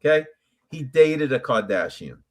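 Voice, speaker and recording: A man's voice: medium pitch, big pitch swings. Emphatic man co-hosting, teasing. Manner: emphatic, teasing, bursts into quick asides. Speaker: podcast co-host. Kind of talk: casual podcast chat.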